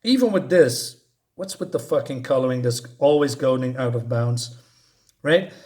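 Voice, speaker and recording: A man's voice: medium pitch, a little slow, darkish tone. A man reviewing a comic book in a scornful, exasperated rant, often stumbling into restarts.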